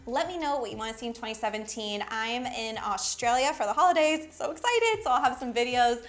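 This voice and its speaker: A woman's voice: on the high side, brisk. A woman in her thirties who grew up in Miami, speaking with a Valley girl accent and chatting casually to camera as a fashion blogger, with lots of "like". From Miami, USA. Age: 30s. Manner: chatty, fills talk with "like".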